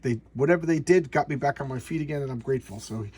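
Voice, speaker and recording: A man's voice: mid-range voice, fast talker, darkish tone, husky. A man casually recapping a comic book in a rambling, sarcastic way, with many restarts. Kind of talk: casual video commentary.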